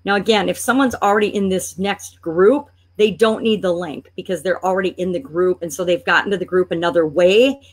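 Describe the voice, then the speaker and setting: A woman coaching online business, chatting and thinking aloud as she clicks through a screen-share tutorial, playfully exasperated at a slow computer. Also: on the low side.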